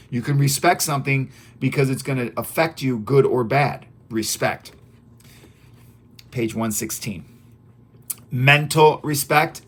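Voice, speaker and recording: Male teacher, mid-pitched, audio lesson; reads his book aloud, repeats points, checks in with listeners. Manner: chatty and repetitive, quizzing listeners with "right?" and "okay?". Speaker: teacher reading through his self-help book. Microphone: audio-only recording.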